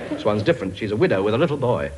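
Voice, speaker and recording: A man's voice: mid-range voice, heavy background noise. A man playing a blustering king who bosses his many children, talking brashly and cracking jokes in a studio comedy sketch. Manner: brash, bossy, wisecracking. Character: blustering cockney-style king, bossy father of many. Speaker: comic actor playing a king.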